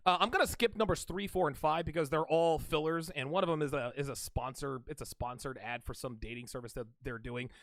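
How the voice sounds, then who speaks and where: A man hosting his own solo show, telling a story and commenting in a casual, animated, profane way, often restarting his sentences. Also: a little high, a little fast, hardly any pauses, dry recording, studio quality. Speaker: host of a commentary channel. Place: solo home studio with a fan nearby.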